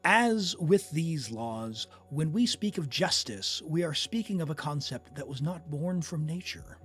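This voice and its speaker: A man doing a put-on narration voice, reading grand lore slowly and dramatically. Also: fairly high pitch, lively intonation, a bit bright, breathy edge, exaggerated voice. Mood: solemn. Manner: slow, measured, dramatic recitation. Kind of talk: dramatic read-aloud of game text.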